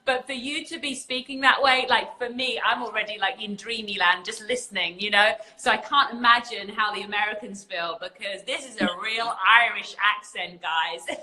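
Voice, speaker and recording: A woman's voice: fairly high pitch, normal speed, few pauses, sharp tone, roomy sound, rough recording. An English woman hosting a casual livestream chat, bubbly and giggly, peppering her talk with "like" and "literally". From England. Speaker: host.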